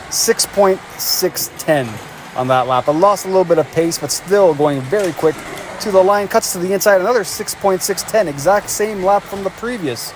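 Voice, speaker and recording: A man giving energetic play-by-play commentary on a race as the show's host, calling lap times and cheering the drivers on. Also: sits high, noisy background.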